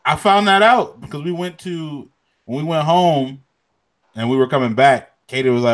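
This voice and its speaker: A man's voice: medium pitch, normal speed. A young man co-hosting a podcast, talking in a laid-back, slangy way and telling stories with animation. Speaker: podcast co-host. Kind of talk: casual chat.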